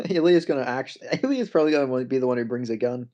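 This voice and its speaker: A man's voice: medium pitch, expressive, fast talker, mellow, dull audio. A young Australian man on a casual livestream, joking, swearing freely and answering his chat. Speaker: MMA streamer.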